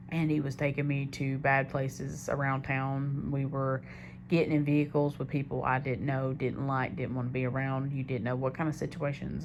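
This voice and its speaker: A young woman with a notably low voice tells a personal story straight to the camera. She rambles candidly and keeps doubling back mid-sentence, with a faint hiss under her voice. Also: creaky. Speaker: diary vlogger. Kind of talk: confessional storytelling monologue.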